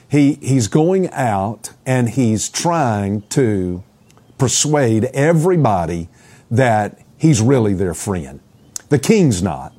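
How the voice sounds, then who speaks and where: A man's voice: medium pitch, dark tone. A man preaching an expository sermon, earnest, asking the listeners questions and often repeating words as he goes.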